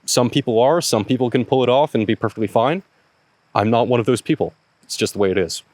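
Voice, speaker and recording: An American man, a historical reenactor hosting his own channel, explaining a question to camera in a measured, point-by-point way. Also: mid-range voice, darkish tone, no room sound. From United States.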